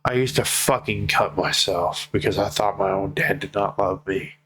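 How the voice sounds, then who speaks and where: A man's voice: lowish voice, fairly even intonation, normal speed, bright, forceful tone, a little hiss or hum. A young man speaking to his viewers in a personal vlog update, emotional, heartfelt and casual, with some swearing. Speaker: vlogger.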